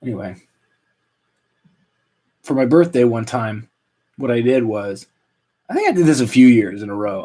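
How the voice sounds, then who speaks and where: A man in his late thirties talks through a solo comedy podcast, rambling and self-mocking. His delivery is deadpan, but his pitch swings widely from line to line. It is a mid-pitched voice with nothing unusual in its tone. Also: normal speed, long pauses. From Canada. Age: 30s. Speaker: podcast host. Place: at home.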